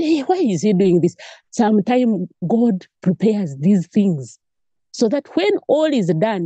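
A woman's voice: mid-range voice, warm tone, dry recording. A woman preaching a fervent sermon, repeating phrases and calling out praise. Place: cathedral.

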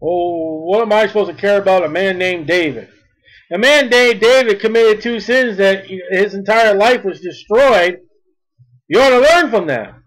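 A man with a very high voice delivers a sermon. He reads verses slowly and deliberately, then presses his points with emphasis. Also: fairly bright tone, low-quality recording. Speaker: preacher.

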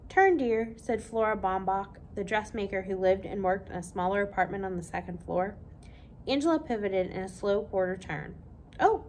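A woman, a children's librarian, reading a children's novel aloud with expressive storytelling. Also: medium pitch, slight background noise.

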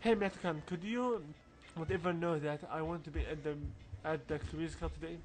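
A man's voice: on the high side, fairly quick, soft background music, lightly acted. A man reading game dialogue aloud, voicing an anxious teenage schoolboy in a put-on accent and stumbling over the lines. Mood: frustrated, resolved.

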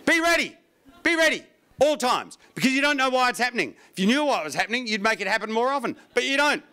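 A man's voice: very high-pitched, quick pace, clear, resonant tone. A man performing a stand-up comedy routine, wry and profane, telling stories with lots of energy. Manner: wry, profane, animated storytelling.

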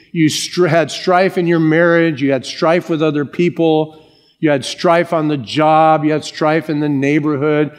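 A male pastor preaching a sermon, emphatic, with shifting pace. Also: on the high side.

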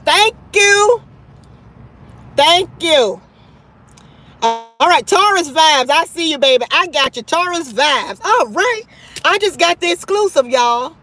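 High-pitched, animated gossiping woman host. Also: slow pace, long pauses. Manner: animated, gossipy, full of "child" and "honey". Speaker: live-stream host. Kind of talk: casual live-stream chat.

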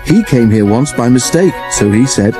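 A man's voice: mid-range voice, animated, moderate pace, over music, close to an everyday voice. A man voicing a playful young male tank engine in a storybook reading, sly and mock-innocent.

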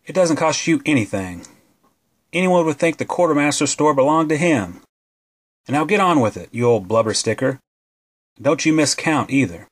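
A man doing a greedy, scheming soldier in an audiobook reading. The voice sits higher than the narrator's own and comes out eager and wheedling, with a hoarse edge. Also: expressive, moderate pace. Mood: mocking.

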